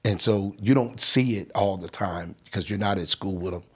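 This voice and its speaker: A middle-aged man earnestly telling a family story in a casual chat, animated as he goes. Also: low-pitched, moderate pace, husky.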